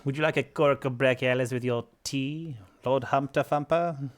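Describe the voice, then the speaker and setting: A man putting on a prim, haughty British gentleman in a posh British accent, mock-formal and theatrical. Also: mid-range voice, steady tone, moderate pace, voice pushed up, lightly acted.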